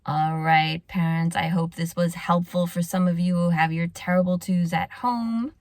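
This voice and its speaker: Brief: middle-aged woman pediatrician host, low voice, earnest advice, repeats key points, slips into hushed tones, dry close sound. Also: steady tone, moderate pace, dry recording. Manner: earnest, repeats key phrases, often drops to a hushed near-whisper. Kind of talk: advice talk to parents.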